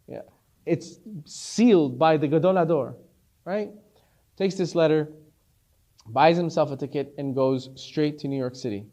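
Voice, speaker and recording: Animated storytelling rabbi, fairly high voice. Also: male voice. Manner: animated storyteller, repeats words when stressing. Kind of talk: storytelling sermon.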